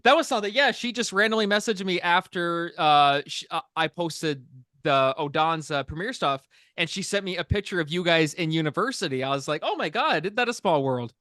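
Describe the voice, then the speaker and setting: A man's voice: a little high, a little fast, sharp tone, no room sound, studio quality. A man hosting a podcast, chatting casually and joking, acting out quotes in other voices. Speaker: podcast host. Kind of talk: casual chat.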